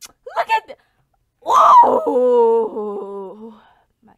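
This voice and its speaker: A young woman giving casual gameplay commentary, animated, swinging from low mumbles to yelling. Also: slow pace, long pauses, no room sound. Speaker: gaming YouTuber.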